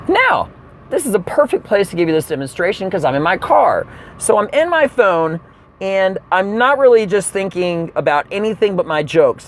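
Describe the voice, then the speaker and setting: A man with a high, lively voice tells a comedy rant while sitting in his car. He swings his pitch all over and acts out the people in his story. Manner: animated storytelling with acted-out quotes.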